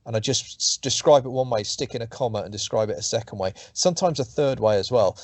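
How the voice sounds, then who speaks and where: A man's voice: medium pitch, fast, no echo. A middle-aged man talking about his writing in a casual interview, rambling, swearing and restarting his sentences. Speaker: author being interviewed.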